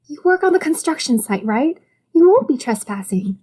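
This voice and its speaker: Brief: woman doing a sharp-tongued teenage girl, pitched high, needling her brother. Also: big pitch swings, moderate pace. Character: stubborn teenage sister, pleading and sharp-tongued. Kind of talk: audiobook character voice.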